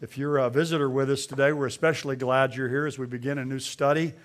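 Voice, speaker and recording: A man's voice: mid-range voice, level tone, quick pace. A pastor giving a sermon in a church, a man who tells a homey joke and reads scripture aloud, with many small "uh" fillers. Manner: folksy storytelling with frequent uh fillers.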